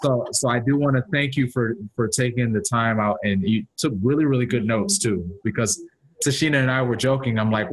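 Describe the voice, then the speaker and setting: A man's voice: medium pitch, moderate pace, poor audio. A man hosting a team video call, thanking a speaker and restarting his words as he goes. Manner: warmly thankful, repeats words as he talks. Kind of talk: casual video call chat.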